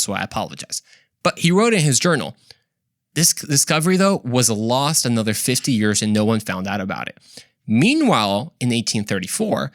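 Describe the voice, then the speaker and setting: A man's voice: mid-range voice, fairly bright tone, no echo, clean studio sound. A man hosting his own show, telling history in a casual storytelling monologue, chatty and self-correcting with frequent asides. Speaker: host.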